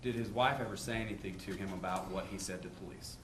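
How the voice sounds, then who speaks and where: A man's voice: deep voice, fast talker, a bit bright, slight background noise. A man, a prosecutor, questioning a witness in court with methodical, leading questions.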